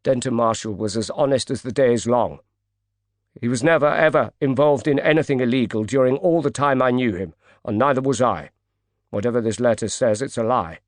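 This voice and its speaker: A man acts out a heavyset, silver-haired older tycoon in mourning, proud and quick to take offence. His voice sounds a little distant and wounded. The reading is dry and close to the mic. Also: mid-range voice, no room sound, natural voice. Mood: indignant. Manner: wounded, indignant, fast when angry.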